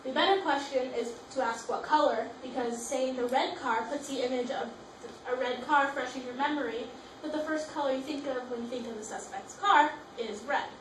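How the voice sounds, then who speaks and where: A woman's voice: high voice, steady tone, brisk. A young woman giving a school project presentation, reading from notes and restarting on long words. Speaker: student presenter. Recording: roomy, from a distance, faint hiss.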